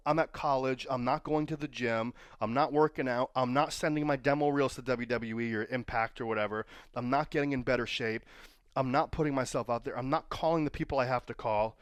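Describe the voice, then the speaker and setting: A man's voice: medium pitch, a little fast, dry recording, studio quality. A man who trains pro wrestlers tells stories and gives casual advice, often checking in with the listener by asking "right?". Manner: storytelling, keeps asking "right?".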